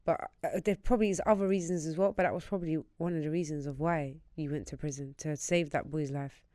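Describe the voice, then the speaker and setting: A woman hosting a podcast, asking probing questions and reacting softly. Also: sits low, steady tone, quick pace, no room sound, studio quality. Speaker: podcast host. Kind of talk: interviewing. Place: podcast studio.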